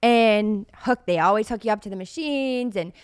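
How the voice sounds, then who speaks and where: A young woman co-hosting a podcast, telling a story in an animated, chatty way and laughing often. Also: mid-range voice, normal speed, smooth, no echo, clean studio sound. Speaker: podcast co-host. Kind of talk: casual storytelling chat.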